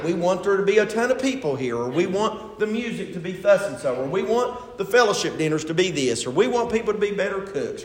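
A man's voice: high-pitched, fairly bright tone. A pastor preaching a sermon in church, asking his congregation rhetorical questions with rising emphasis. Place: church sanctuary. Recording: echoey church hall.

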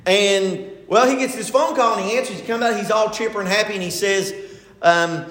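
A man's voice: high-pitched, brisk, a bit bright. An older man preaching a sermon as pastor, retelling a story in a folksy, conversational way. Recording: echoey hall.

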